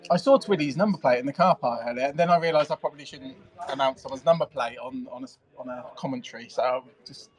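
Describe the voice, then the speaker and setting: A man's voice: mid-range voice, fast talker. A man doing casual, jokey co-commentary on an amateur football match, full of gossipy asides.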